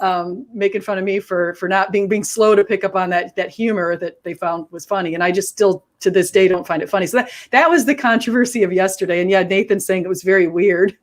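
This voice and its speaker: A woman hosting a casual video chat, telling a story with animated quoted asides and frequent restarts. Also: mid-range voice, brisk, few pauses. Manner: animated storytelling, quoting others. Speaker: host.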